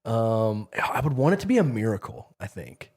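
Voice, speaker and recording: A man's voice: lowish voice, sing-song, a little mellow. Chatty man co-hosting a church recap. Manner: chatty, self-mocking, quick to laugh. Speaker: pastor, podcast co-host. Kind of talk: casual chat.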